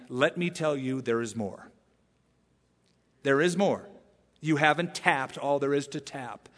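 A man preaching a sermon as a pastor, animated and emphatic, repeating phrases for effect. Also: fairly high pitch. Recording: long reverb of a large church hall.

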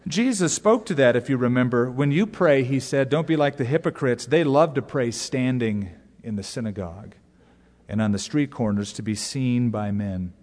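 A man's voice: medium pitch, moderate pace. Man preaching a sermon in a reverberant hall. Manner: animated storytelling, mimics prayer voices. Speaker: pastor.

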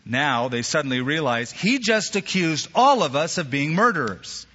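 A man preaching a sermon as pastor, animated, with sudden jumps in pitch and acted-out quotes. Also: moderate pace, slightly rough. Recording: echoey hall, slightly dull sound.

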